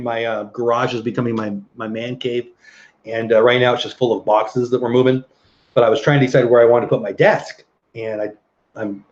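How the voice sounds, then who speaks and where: Livestream host, man, middle-aged, mid pitch, chatty, dull lo-fi audio. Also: darkish tone. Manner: chatty, reads viewer comments aloud, laughs easily. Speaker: livestream host reading chat. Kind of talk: casual live chat.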